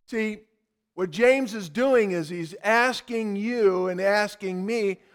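A male pastor with a fairly high voice delivers a sermon. He tells his story in an animated, dramatic way before turning to scripture. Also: slow.

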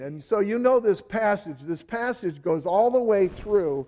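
A man's voice: high-pitched, lively intonation, unhurried, mellow. A male pastor giving a sermon in a conversational way, full of "you know" asides and words repeated for emphasis.

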